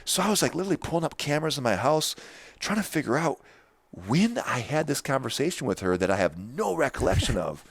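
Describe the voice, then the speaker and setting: A middle-aged man with a loud voice, telling stories on a podcast in an animated, emphatic way with many restarts. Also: mid-range voice, quick pace, creaky, husky, no room sound. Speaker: podcast host. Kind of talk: casual podcast chat.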